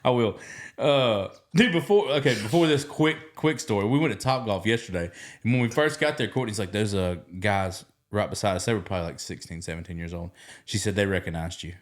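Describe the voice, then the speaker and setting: A man with a Southern US accent, hosting a podcast and telling stories in casual chat, animated, swinging between loud and soft. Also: on the low side, fairly quick. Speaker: podcast host.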